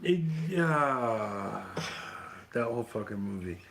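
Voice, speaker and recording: A man's voice: medium pitch, animated, slow pace, a bit bright, slight background noise. Grumbling, profane man on a live stream. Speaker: co-host of a live stream show. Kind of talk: casual chat reading live comments.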